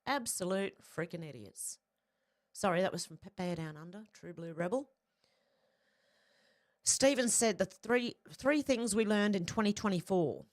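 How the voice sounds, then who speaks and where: A woman's voice: mid-range voice, unhurried. An Australian woman reading out social media posts and commenting on them in a casual, blunt, profane way, with frequent asides. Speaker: political commentary vlogger.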